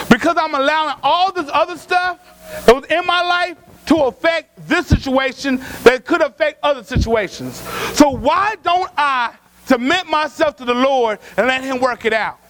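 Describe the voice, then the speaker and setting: A pastor preaching a sermon, telling stories from his own life in a folksy, colloquial way, acting out what people said and rising to shouts. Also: extremely high pitch, a little hiss or hum. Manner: storytelling preacher, acts out quotes, rises to shouts.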